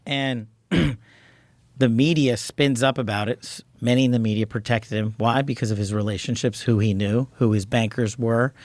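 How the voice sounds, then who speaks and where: A man's voice: medium pitch, steady tone, moderate pace, a little mellow, no echo. A man answering as a guest in an interview, speaking earnestly with many tag questions and restarted words.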